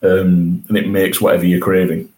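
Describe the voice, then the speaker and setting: Reviewing a TV episode in casual podcast chat, this co-host speaks at a normal speed in a low, flat, slightly mellow voice, eagerly restarting sentences as he goes. The audio is poor.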